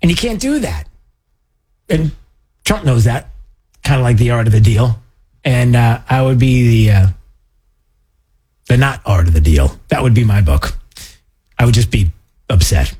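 A man hosting a radio talk show, chatting casually and sarcastically, sometimes jumping into mocking high voices. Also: sing-song, measured pace, long pauses, warm tone, slightly rough.

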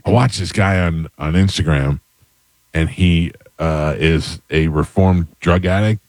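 A man's voice: low-pitched, unhurried, no echo. A man hosting a radio show, chatting casually and retelling stories with quoted dialogue. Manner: storytelling, quoting people.

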